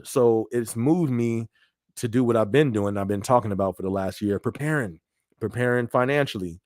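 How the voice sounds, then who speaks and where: A man's voice: medium pitch, no room sound, clean studio sound. A man hosting a casual live-stream podcast, talking loosely and often checking in with "you know what I mean.". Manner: conversational, repeats phrases, frequent "you know what I mean". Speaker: podcast host.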